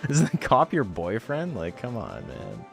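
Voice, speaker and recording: A man's voice: fairly low pitch, wildly swooping pitch, a little slow, creaky, a bit bright, faint music behind. A young man streaming a game, ranting sarcastically in casual chat, swearing and laughing often.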